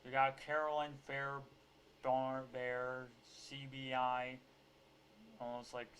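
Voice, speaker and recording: A man's voice: medium pitch, completely flat delivery, drawn-out words, fairly bright tone, a little hiss or hum. A man reading a news article aloud and breaking off into sarcastic, profane, heated rants. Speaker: political commentator. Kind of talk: ranting commentary on a news article.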